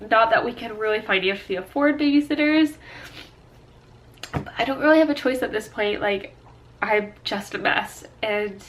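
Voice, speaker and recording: A woman's voice: medium pitch, fairly bright tone. A young woman in her twenties, a stay-at-home mom, talking through tears in a casual personal vlog; she sounds congested and sniffly and rambles with many fillers and restarts.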